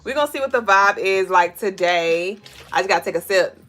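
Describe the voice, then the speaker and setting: A woman's voice: mid-range voice, animated, brisk, fairly bright tone, soft background music. A woman hosting a casual livestream of daily spiritual and tarot readings. She is chatty and profane, laughs often, and reads chat comments aloud.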